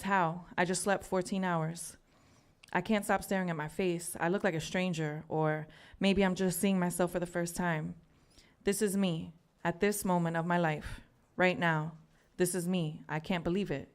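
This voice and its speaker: A woman from New York City reading her own prose poem at an open mic, in an earnest, measured way with pauses. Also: on the low side, clear, resonant tone. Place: live open mic in a community venue.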